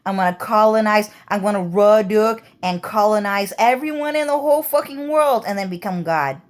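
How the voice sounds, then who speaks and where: A woman's voice: medium pitch, moderate pace. A woman vlogger talking in a rambling, heated monologue, swearing often.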